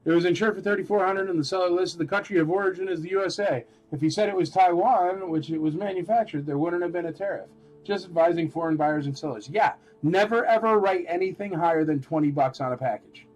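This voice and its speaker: A man hosting a live-stream toy auction, chatting in a rambling, animated way and calling out bids. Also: high-pitched, fast, soft background music, rough recording.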